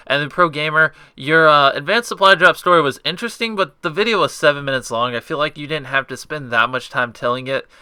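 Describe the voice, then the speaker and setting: Young male host, rambling and upbeat, crisp bright tone, dry home mic. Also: mid-range voice, no room sound. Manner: rambling, filler-heavy, upbeat. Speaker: contest host judging entries. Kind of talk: casual spoken critique.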